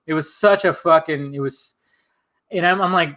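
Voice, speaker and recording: A man's voice: fairly high pitch, a little slow, sharp tone. A man hosting a casual drinking stream, rambling, swearing and laughing while he has the hiccups. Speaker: channel host.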